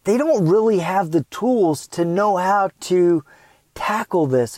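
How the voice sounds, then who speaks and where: An earnest man with a high, light voice tells a personal story and acts out parts of it with animation. The sound is dry and close, with no room echo. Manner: earnest, animated when retelling, acts out his child self. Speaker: parenting speaker.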